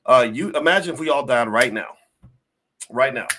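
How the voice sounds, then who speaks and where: Middle-aged guy doing a money livestream, chatty and preachy, lots of uh's, mid-pitched voice, acts out little bits for the chat. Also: expressive, moderate pace, sharp tone, a little hiss or hum. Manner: folksy, preachy, lots of fillers, plays out little scenes. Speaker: finance professor and show host. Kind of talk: livestream talk to chat viewers.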